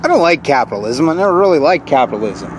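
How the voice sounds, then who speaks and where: High-voiced man ranting over traffic. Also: big pitch swings, fast talker. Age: 40s. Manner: repetitive, accusing, escalating into shouted outbursts. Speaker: vlogger. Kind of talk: angry rant to camera.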